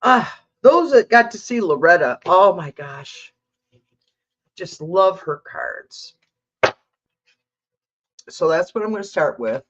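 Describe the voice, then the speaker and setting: A woman's voice: lowish voice, big pitch swings, slow, long pauses, lo-fi sound. An older woman hosting a tarot livestream, chatting casually, reading out viewer comments and talking to her cat.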